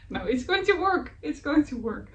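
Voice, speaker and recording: A woman hosting her knitting podcast, chatting casually and hesitantly, often searching for words and laughing softly at herself. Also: high-pitched. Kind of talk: casual show-and-tell chat. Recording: faint background noise, voice a bit distant from the mic.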